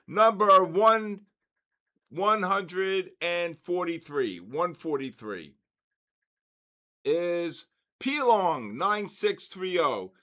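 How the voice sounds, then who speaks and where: A man with a fairly high voice hosts a live online session, drawing giveaway numbers out loud. He talks in an unhurried way and bursts into excited exclamations. His chat is loose and casual, full of shout-outs. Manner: excitable, calls out numbers and names, exclaims loudly. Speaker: livestream host running a giveaway.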